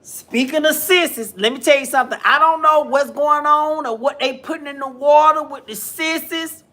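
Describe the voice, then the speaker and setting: A man's voice: extremely high pitch, bright, forceful tone. A man doing sassy, swearing gossip commentary on a live stream. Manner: sassy, swearing, drawn-out exclamations.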